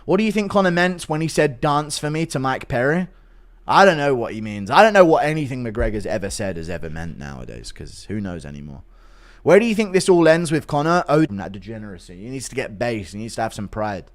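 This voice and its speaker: A man's voice: medium pitch, sing-song, a little fast. A man live-streaming, reading out donations and joking crudely, laughing often. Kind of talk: casual chat.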